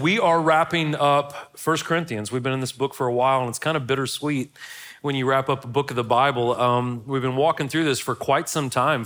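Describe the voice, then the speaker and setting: A man's voice: mid-range voice, a bit bright. A middle-aged man, a pastor opening his sermon with a chatty, self-deprecating story before moving into the teaching.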